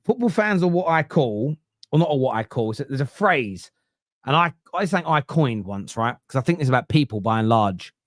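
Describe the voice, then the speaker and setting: A man's voice: medium pitch, lively intonation, brisk, dry recording, studio quality. A man hosting a football podcast, ranting casually with swearing, digressions and mocking asides. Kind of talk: casual opinionated rant.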